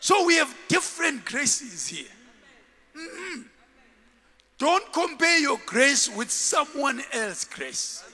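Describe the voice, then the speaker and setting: A man preaches a lively sermon with a high, bright, ringing voice, calling on his congregation to repeat after him. His words echo with a long reverb through a large church hall, a live recording from the pulpit. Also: takes it slowly. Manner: animated, call-and-response preaching with laughs. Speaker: bishop, preacher.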